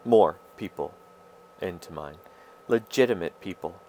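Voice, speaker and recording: Halting low-voiced man rambling on his podcast. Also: mellow, a little hiss or hum. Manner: halting, many fillers and restarts, confessional. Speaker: podcast host. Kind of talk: rambling personal monologue.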